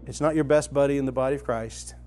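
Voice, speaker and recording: A man's voice: mid-range voice, steady tone, quick pace, darkish tone. A man giving a conversational teaching talk at a retreat, telling a story with energy and addressing the room directly. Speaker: retreat speaker. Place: meeting room with a live audience.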